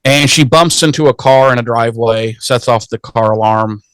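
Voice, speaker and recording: A man's voice: medium pitch, normal speed, fairly bright tone, smooth, no echo. Profane rambling man recapping a show. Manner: profane, rambling, acts out characters in goofy voices. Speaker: podcast co-host. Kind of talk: casual chat recapping an episode.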